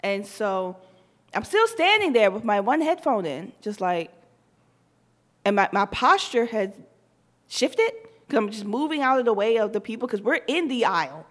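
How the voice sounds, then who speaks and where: A woman in her thirties, co-hosting a podcast, telling a story in casual chat with lively acted-out quotes. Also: fairly high pitch, normal speed. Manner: animated, tells stories with acted-out quotes. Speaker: podcast co-host.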